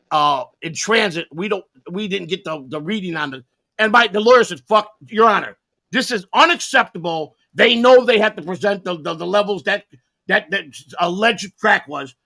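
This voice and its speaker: Older man, gravelly fry, stammers and swears through long stories. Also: high-pitched, animated, normal speed, sharp tone. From Chicago. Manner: rambling, profane, many stammered restarts. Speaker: guest storyteller. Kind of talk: casual podcast chat.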